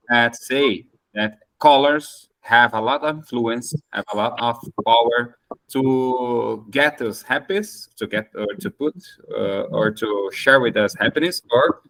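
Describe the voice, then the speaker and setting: A man leading a casual English practice conversation, speaking haltingly with many fillers, Portuguese his first language. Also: mid-range voice, sharp tone. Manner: hesitant, many fillers and restarts. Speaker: conversation host.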